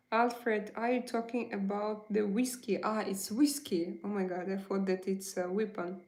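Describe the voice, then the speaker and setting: A woman's voice: medium pitch, little pitch movement, measured pace, hardly any pauses, darkish tone, echoey room. A woman hosting a casual livestream, chatting with viewers and answering their comments, thinking aloud with fillers and repeated words. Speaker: livestream host.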